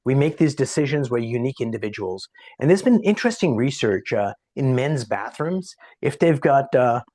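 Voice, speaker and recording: A man who is a podcast guest, talking casually and telling an anecdote in a lively way, voicing the people in it. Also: mid-range voice, moderate pace, dry recording. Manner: animated anecdote-teller, acts out quotes. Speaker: podcast guest, sales coach. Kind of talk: casual storytelling in conversation.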